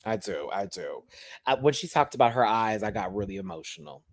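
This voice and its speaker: A man's voice: lowish voice, very animated, brisk, vocal fry, no room sound. A man hosting a casual reality-TV review rant at home, sassy and slang-heavy. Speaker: show reviewer and host. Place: at home, with a pet on his lap.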